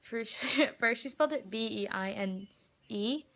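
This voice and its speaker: A teenage girl tells a fan story to her camera in a casual vlog. Her voice sits a little high. She giggles often and quotes everyone with a string of "like"s. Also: a little slow. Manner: excited and giggly, heavy use of "like" and quoted dialogue.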